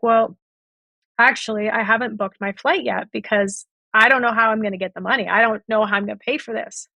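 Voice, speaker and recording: On a dry recording, a woman podcast guest with a fairly high pitch and sharp tone tells the story of a past relationship. She plays both parts of the conversations as she goes.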